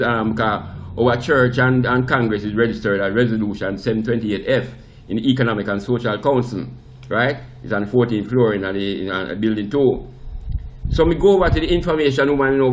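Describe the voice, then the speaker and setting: A man's voice: medium pitch, a little hiss or hum. Jamaican man telling a story. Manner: animated anecdote, acts out quoted voices, frequent restarts. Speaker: priest and interview guest. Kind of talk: storytelling in conversation.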